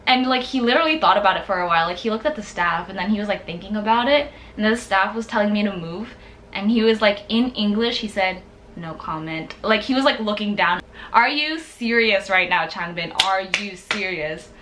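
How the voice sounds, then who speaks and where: Bright-voiced, gushing young woman. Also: mid-range voice, fast talker, slight background noise. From United States. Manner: excitable, gushing, heavy use of "like". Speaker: vlogger. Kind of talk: casual storytelling vlog.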